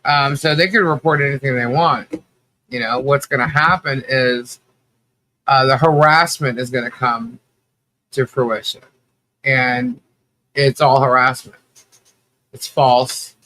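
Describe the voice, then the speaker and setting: In a mid-range, bright, forceful voice with fairly even intonation, a man runs a casual livestream, speaking slowly with long pauses over a slight hiss or hum. He welcomes viewers by name, sounds slightly nasal from allergies, and keeps chatting with frequent laughter, fillers, and restarts.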